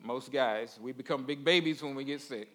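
A man's voice: mid-range voice, normal speed, pushed and bright. A man giving a conversational sermon in a folksy way. He repeats words and keeps checking in with his listeners. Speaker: preacher.

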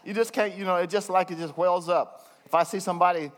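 Casting: older male preacher with a slightly high voice, folksy and chuckling, reads scripture slowly. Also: fairly even intonation. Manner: folksy, chuckling asides, slows down to read verses. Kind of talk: conversational sermon with scripture reading.

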